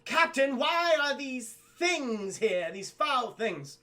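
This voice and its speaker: Man doing a snooty cartoon princess, high and shrill. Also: very animated, takes it slowly, bright, forceful tone, heavily acted. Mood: disdainful. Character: haughty prejudiced cartoon princess, woman.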